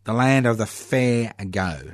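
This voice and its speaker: An Australian man with a medium-pitched voice delivers a sardonic political monologue, packed with rhetorical questions and slow, emphatic stresses on key words. The recording is studio quality with no echo.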